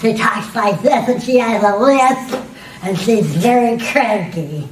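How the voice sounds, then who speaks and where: A woman doing a cranky, lisping female character voice in a slow, drawn-out way. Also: on the high side, slight background noise. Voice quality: lisp. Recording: roomy hall, distant from mic.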